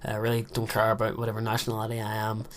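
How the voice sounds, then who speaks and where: A man's voice: on the low side, completely flat delivery, very fast. A teenage boy with a Northern Irish accent, rambling in casual chat while commentating his own game play. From Northern Ireland. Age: teens. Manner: rambling, chatty, many fillers. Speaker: let's play host.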